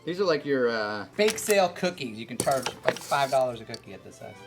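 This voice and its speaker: A woman's voice: very deep voice, very animated, brisk. A woman hosting a casual cooking demo, talking in a playful, rambling, joking way. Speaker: cooking show host. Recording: background music.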